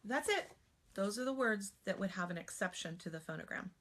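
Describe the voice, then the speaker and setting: An American woman teaching spelling in a live online class. She talks in a chatty, animated way and sometimes slips into playful silly voices. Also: medium pitch, brisk. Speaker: spelling trainer.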